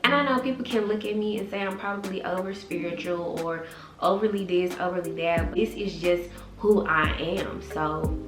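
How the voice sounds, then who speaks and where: Young woman, twenties, low voice, casual storytelling vlog, echoey room, music behind. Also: normal speed. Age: 20s. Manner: animated, quotes others in voices, chatty. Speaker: vlogger and author.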